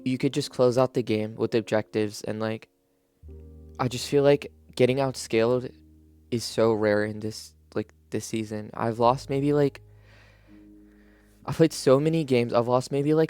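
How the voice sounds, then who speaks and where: A man's voice: mid-range voice, measured pace, darkish tone, smooth, faint music behind. Man with a groggy morning voice. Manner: rambling, heavy use of "like", frequent restarts. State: just woke up, morning voice. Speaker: video creator reviewing game patch notes. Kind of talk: casual unscripted commentary.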